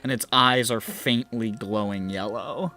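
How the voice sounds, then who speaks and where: A man's voice: mid-range voice, a little slow, pushed and bright. A man narrating a tabletop game as game master, describing scenes in a loose, rambling way. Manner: rambling, many fillers and restarts.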